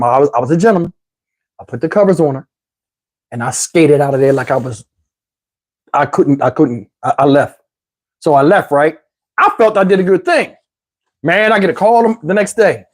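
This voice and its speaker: A middle-aged man telling a comic story, animated, with loud outbursts while acting out quotes. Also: a little high. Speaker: comedian. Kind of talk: stand-up storytelling.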